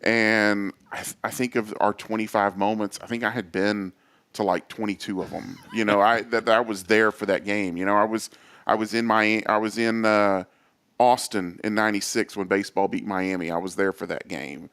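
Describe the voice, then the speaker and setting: Man, lowish voice, smooth and clear, storytelling guest, animated. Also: moderate pace. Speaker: associate athletic director, guest. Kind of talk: casual storytelling interview.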